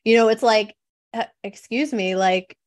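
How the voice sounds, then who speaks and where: A woman's voice: on the high side, a little slow, no room sound, clean studio sound. A woman copywriter as a podcast guest in casual interview chat, frank and reflective, with many "you know" fillers.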